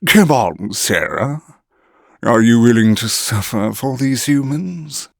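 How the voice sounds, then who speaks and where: A man doing a slow, taunting vampire. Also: mid-range voice, lively intonation, creaky, dry recording, clean studio sound, heavily acted. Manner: slow, taunting, purring menace. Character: menacing male vampire, mocking and cruel.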